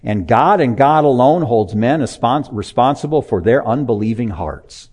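A man preaching a sermon to a live congregation in a church, animated and conversational, with chuckles and asides to listeners. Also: mid-range voice, moderate pace, breathy edge.

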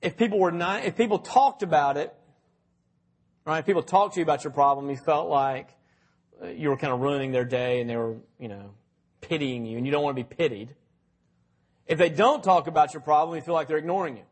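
Husky-voiced man preaching conversationally. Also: fairly high pitch, a little fast. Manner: conversational, asks the listeners questions. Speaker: pastor. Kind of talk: sermon.

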